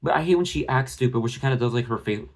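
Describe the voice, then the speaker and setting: A man's voice: medium pitch, very fast, noisy background. A man ranting in blunt, profane, rambling commentary about an online creator, recorded on his phone. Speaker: drama commentary vlogger.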